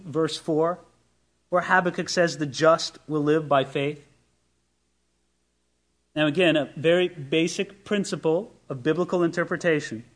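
Guy preaching in church, kinda high voice, asks the crowd questions, leans hard on the verses. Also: fairly bright tone. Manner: preaching with rhetorical questions and emphatic scripture readings. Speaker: pastor. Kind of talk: sermon.

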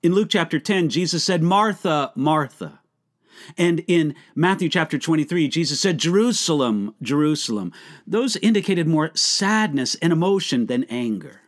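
A man pastor giving a short devotional Bible teaching, earnest and measured, slowing down to stretch key words. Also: on the high side, expressive.

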